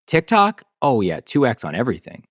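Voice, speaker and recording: A man's voice: medium pitch, huge pitch swings, brisk, no echo, studio quality. A man joining a podcast chat, laid-back and jokey, with lots of "like" and "um". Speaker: podcast guest panelist. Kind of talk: casual chat.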